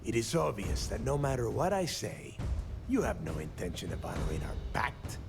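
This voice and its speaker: A man's voice: fairly low pitch, big pitch swings, normal speed, creaky. An actor playing a proud, taunting male pirate captain in a video game, speaking in a theatrical, defiant way. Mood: scornful. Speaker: game character. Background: game music.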